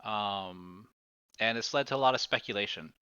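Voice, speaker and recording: A man's voice: on the low side, normal speed, bright, forceful tone, smooth, no echo, highs cut off. A man narrating a tabletop game as game master, hesitant and full of fillers.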